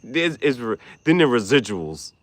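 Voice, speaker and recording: A man giving casual, joking livestream commentary, profane and quick to laugh. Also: medium pitch, big pitch swings, no room sound. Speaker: streamer.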